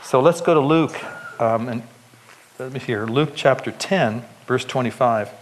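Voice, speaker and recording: A man preaching a sermon to a congregation, reading scripture and breaking into animated, joking asides with frequent restarts. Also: medium pitch, moderate pace. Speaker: pastor.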